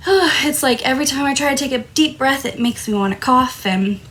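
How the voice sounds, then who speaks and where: Speaking at normal speed in a high-pitched, fairly bright voice, a crafting host from Tucson, Arizona, chats casually during her live stream. She keeps apologizing as a tickle in her throat makes her cough.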